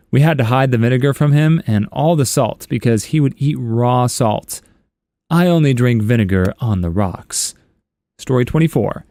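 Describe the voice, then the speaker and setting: A man's voice: medium pitch, gravelly, darkish tone, no echo. A man reading internet stories aloud, chuckling and adding wry asides on a close voice-over mic. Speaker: story narrator.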